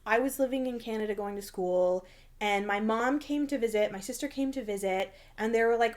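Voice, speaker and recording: A woman's voice: a little high, brisk. A woman in her thirties, co-hosting a casual chat and telling a story, acting out the voices in it. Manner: animated storyteller acting out quotes. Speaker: podcast co-host.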